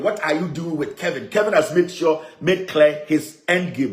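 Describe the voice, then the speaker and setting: A man's voice: a little high, lively intonation, normal speed, echoey room. A man with a Ghanaian accent delivering an emphatic, combative political monologue as a media chief, repeating his points and slipping into Akan phrases. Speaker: media CEO and commentator.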